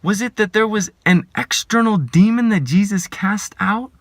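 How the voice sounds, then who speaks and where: Man giving a spiritual talk, slightly raised pitch, unhurried measured delivery, earnest, rhetorical questions, dry close sound. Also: fairly bright tone, dry recording. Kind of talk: reflective spiritual talk to camera.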